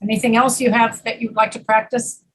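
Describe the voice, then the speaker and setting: A woman's voice: fairly high pitch, flat delivery, brisk, breathy edge, rough recording. A woman with an East Coast American accent teaching an online pronunciation class over a video call, patient and explaining with examples.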